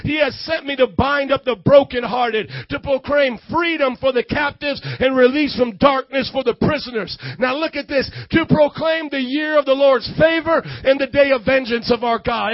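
A man preaching a lively sermon, shouting and calling on the crowd to repeat after him. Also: very high voice, no echo, dull audio. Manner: shouting, preaching with call-and-response. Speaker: youth pastor.

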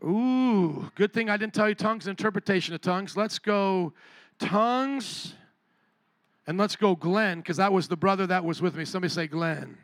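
High-voiced animated male pastor. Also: normal speed, no room sound. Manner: animated storytelling, talks to the congregation. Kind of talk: sermon. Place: church.

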